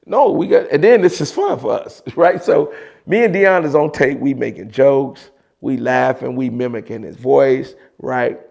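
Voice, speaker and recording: A man with a Chicago accent telling a story in a casual, animated way, with slang and loose restarts. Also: mid-range voice, a little slow, gravelly. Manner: animated, mimics voices of others in quotes, frequent laughs and slang.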